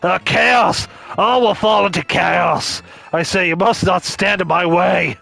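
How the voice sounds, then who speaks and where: A man voicing a blustering old male performer bent on chaos in a game, in a gruff put-on voice. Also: sits high, measured pace, soft background music, full character voice. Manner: blustering, growled shouting. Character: gravelly old male mischief-making performer.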